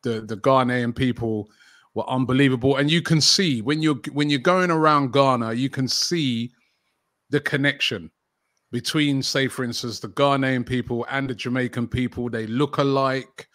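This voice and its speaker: Brief: middle-aged London man, talkative interview guest, mid pitch, dry close mic. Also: moderate pace, fairly bright tone, dry recording. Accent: London English. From England. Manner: chatty, frequent fillers and restarts. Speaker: football channel host, interview guest. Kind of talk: casual interview conversation.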